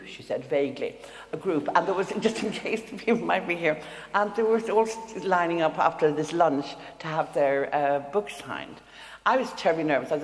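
A woman telling a chuckling, self-mocking story to an audience. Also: fairly low pitch. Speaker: guest author. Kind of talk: anecdote told to a live audience. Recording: echoey hall with audience and hiss.

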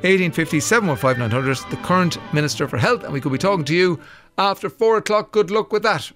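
A man's voice: high voice, lively intonation, fast talker, a bit bright, faint music behind. A man with an Irish accent hosting a radio show, chatting casually and reading out listener messages with frequent "uh"s. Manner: chatty, laughs easily, with frequent filler "uh"s. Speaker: radio host. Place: radio studio. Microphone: studio microphone.

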